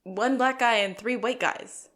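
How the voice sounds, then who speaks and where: A woman's voice: fairly high pitch, a little slow, a bit bright. A woman co-hosting a podcast, casually recapping a TV episode with lots of fillers. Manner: chatty, many "like" fillers, acts out quotes. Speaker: podcast co-host.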